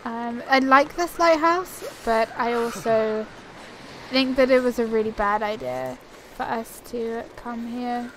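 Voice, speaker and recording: A woman's voice: a little high, takes it slowly, a little hiss or hum. A young woman chatting casually as she plays a survival video game, rambling and thinking aloud at her computer. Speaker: gaming channel host. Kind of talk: casual gameplay commentary.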